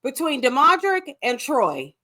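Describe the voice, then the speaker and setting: Bright-voiced blunt woman. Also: high-pitched, wildly swooping pitch, unhurried. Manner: blunt, profane and sarcastic. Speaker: guest co-host. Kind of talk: casual chat recapping a show.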